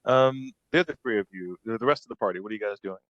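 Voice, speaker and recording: A man narrating as game master of a tabletop game, unhurried and full of ums and uhs. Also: fairly low pitch, a bit bright, no room sound, lo-fi sound.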